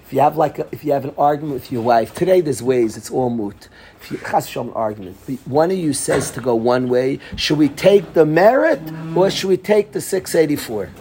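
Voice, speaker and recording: Gravelly, animated man teaching a class. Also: a little high, brisk, a little hiss or hum. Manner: animated storyteller who acts out quotes and laughs often; mixes Hebrew and Yiddish terms into English. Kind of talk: lively Torah class lecture.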